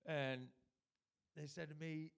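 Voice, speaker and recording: A young man performing a stand-up comedy set, talking deadpan to the crowd and slipping into mock voices for the people he quotes. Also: fairly high pitch, slow pace, gravelly, clear, resonant tone.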